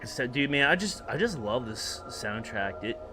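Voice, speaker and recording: A man chatting casually during gameplay, excitable and swearing freely. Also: medium pitch, measured pace, music in the background. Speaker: gameplay co-host.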